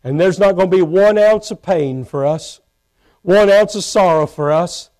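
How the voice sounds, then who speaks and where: A man preaching a sermon from a church pulpit, swinging between fervent shouting and hushed intensity. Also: high-pitched, moderate pace. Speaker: pastor. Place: church sanctuary.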